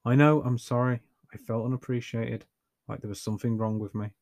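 A man voicing a subdued, apologetic young man who speaks quietly and flatly. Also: mid-range voice, fairly quick, dry recording, studio quality, lightly acted. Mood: sheepish. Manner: quiet, sheepish, flat.

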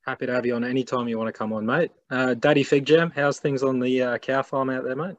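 A man with an Australian accent hosting a casual sports podcast, chatting in relaxed, matey banter. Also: medium pitch, fast, highs cut off. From Queensland. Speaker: podcast host.

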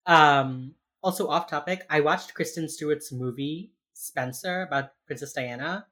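Woman, low voice, podcast co-host; animated, swears casually, acts out scenes while recapping. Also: unhurried. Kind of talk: casual chat recapping a TV episode.

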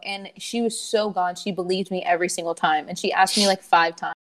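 A woman's voice: fairly low pitch, fairly even intonation, brisk. A woman in her twenties telling a story in casual chat with friends, acting out what people said with big swings in her voice. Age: 20s.

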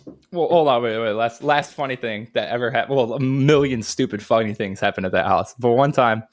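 A man's voice: medium pitch, fairly quick. A man in his thirties telling stories in a casual, laid-back chat, swearing freely and chuckling as he goes. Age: 30s.

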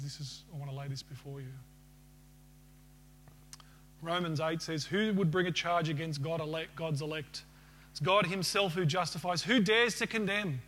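A man's voice: sits high, fairly bright tone, a little hiss or hum. A man preaching a sermon to a congregation, asking them questions and ending with a prayer. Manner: asks the congregation questions and leads a closing prayer.

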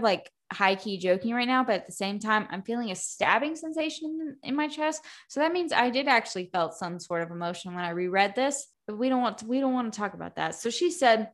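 Young woman doing a book recap podcast, bright voice, swears a lot, keeps laughing and doing the characters' lines. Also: fairly high pitch, moderate pace, few pauses. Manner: animated, profane, laughing often, acts out characters. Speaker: podcast host. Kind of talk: casual book recap chat.

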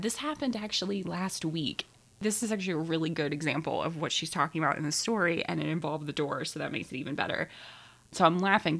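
A young woman co-hosting a podcast, telling a personal story in a rambling, animated way with lots of fillers. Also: fairly low pitch. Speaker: podcast co-host. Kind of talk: casual podcast chat.

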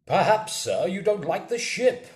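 A man's voice: sits high, very animated, unhurried, pitched above the performer's own voice. A man playing a proud, hot-tempered squire. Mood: indignant. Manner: indignant, raised voice. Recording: roomy echo.

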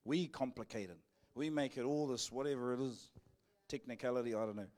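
In a live church sermon, a man with a New Zealand accent jokes cheekily with the congregation and acts out back-and-forth exchanges. This pastor's mid-range voice runs a little fast and a little mellow.

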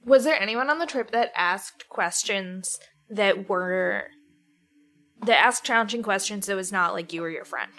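A woman's voice: mid-range voice, measured pace, fairly bright tone. A young woman co-hosting a podcast, asking questions in a blunt, frank way and swearing freely. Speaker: podcast co-host, interviewer. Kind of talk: casual podcast conversation.

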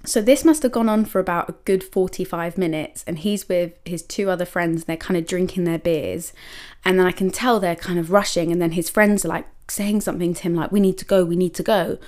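A woman's voice: on the low side, a little fast. Chatty woman telling a story. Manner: animated, many likes and quoted self-talk. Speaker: podcast host. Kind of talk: personal storytelling.

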